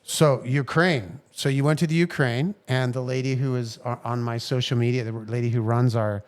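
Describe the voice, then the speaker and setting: A man's voice: medium pitch, fairly even intonation, normal speed. A man hosting a casual podcast interview, prompting his guest with encouraging remarks. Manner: encouraging, frequent short affirmations. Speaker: podcast host.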